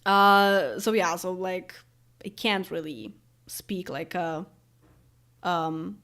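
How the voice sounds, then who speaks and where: A woman's voice: lowish voice, fairly even intonation, slow pace, fairly bright tone. Chatty Polish-accented woman in her late twenties. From Poland. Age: late 20s. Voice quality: chatty, rambling, frequent fillers and laughs. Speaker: YouTuber. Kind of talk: casual chat answering viewer comments.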